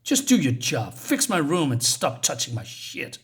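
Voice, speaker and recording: A man's voice: fairly high pitch, huge pitch swings, normal speed, a bit bright. A man reading a rattled young woman biker. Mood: defiant.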